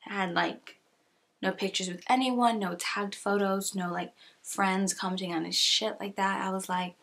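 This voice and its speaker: Young woman, from California, casual storytime, sassy and chatty, mid-pitched voice, soft whispered asides. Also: fairly even intonation, moderate pace, creaky. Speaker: YouTuber.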